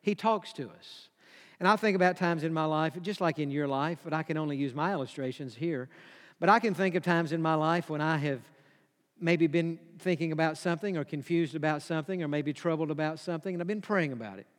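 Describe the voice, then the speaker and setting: A man's voice: on the high side, fairly quick, long reverb tail. A man preaching a sermon, emphatic and repeating his key phrases for weight. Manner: emphatic, repeats key phrases, drops to a hush for quoted whispers.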